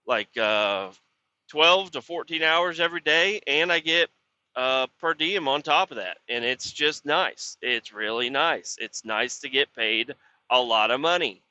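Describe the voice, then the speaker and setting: A man's voice: medium pitch, expressive, a little slow, pushed and bright. A man who hauls water as a truck driver talks casually on his podcast, rambling, grumbling and swearing about his job. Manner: profane, grumbling and frustrated, with many fillers. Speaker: podcast host. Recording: dull lo-fi sound.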